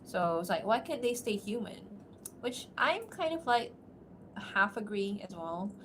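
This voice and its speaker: A woman streamer from outside America chatting casually on a livestream, talking in quick asides and laughing often. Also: mid-range voice, very animated, slight background noise. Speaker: streamer and voice actor.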